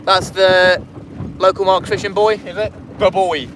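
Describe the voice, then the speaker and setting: A man's voice: sits high, flat delivery, a little slow. Chatty man on a noisy boat. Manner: chatty, banters with viewers. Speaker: fishing vlogger. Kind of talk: casual live-stream chat. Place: small inflatable boat at sea, outdoors. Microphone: camera on the boat. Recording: wind and boat engine noise.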